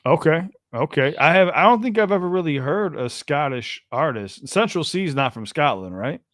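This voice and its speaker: A man's voice: a little high, lively intonation, normal speed, a bit bright, no room sound, clean studio sound. Chatty American man co-hosting a podcast. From United States. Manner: chatty and easygoing, many fillers and restarts. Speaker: podcast co-host. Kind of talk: casual podcast chat with a caller.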